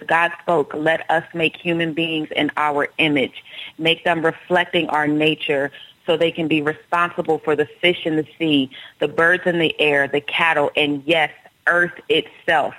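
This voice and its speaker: A woman's voice: sits low, steady tone, normal speed, a bit bright, dry recording, low-quality recording. A woman hosting an internet Christian radio show, reading scripture and encouraging listeners in an emphatic preaching manner.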